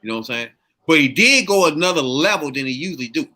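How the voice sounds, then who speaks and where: A man hosting a casual podcast chat, telling the story in an animated way and steering the topic. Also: fairly high pitch, fast talker.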